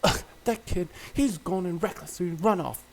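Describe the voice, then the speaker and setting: A man's voice: high voice, normal speed, pitched above the performer's own voice, low-quality recording. A man voicing a friendly, thoughtful young woman researcher, chatty and concerned.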